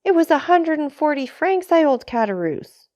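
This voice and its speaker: A woman's voice: medium pitch, animated, moderate pace, darkish tone, dull audio, natural voice. A woman reading aloud, voicing an earnest young male sailor who speaks to his father in an ardent, pleading way, in a storybook.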